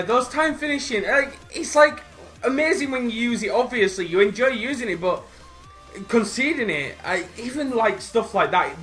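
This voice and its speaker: A young man giving live commentary over his own gameplay from home, swinging from excited cheering to frustrated outbursts. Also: high-pitched. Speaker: gaming youtuber. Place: home room by a window.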